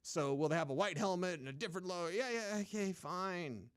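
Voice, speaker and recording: A man's voice: sits high, brisk, fairly bright tone, clear, resonant tone, no echo, studio quality. A man hosting a sports radio show, giving emphatic, opinionated talk and mocking people in put-on voices. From United States. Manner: emphatic, repetitive, mocking mimicry.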